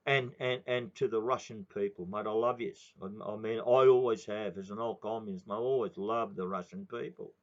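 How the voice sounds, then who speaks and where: A man's voice: lowish voice, steady tone, normal speed, few pauses. A man in his sixties with an Australian accent, ranting in a heated, swearing monologue. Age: 60s. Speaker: political commentator. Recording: dull lo-fi recording.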